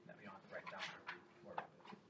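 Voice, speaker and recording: A man's voice: low-pitched, completely flat delivery, racing, very noisy. A man narrating as game master in a tabletop game, telling the story with casual asides. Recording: roomy, distant mic, loud background ambience.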